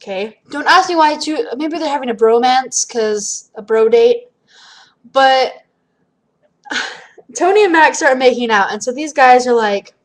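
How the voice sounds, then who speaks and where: A young woman vlogging, telling a funny story casually to camera, animated and given to loud bursts. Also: sits high, measured pace, low-quality recording. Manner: animated, bursts into loud shrieks when quoting.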